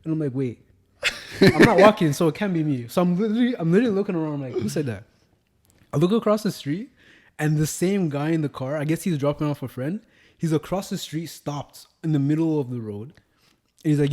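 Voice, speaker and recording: A man's voice: fairly high pitch, brisk. Heated young man telling a story. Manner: animated storyteller who gets loud and heated. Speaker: podcast co-host. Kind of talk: casual chat.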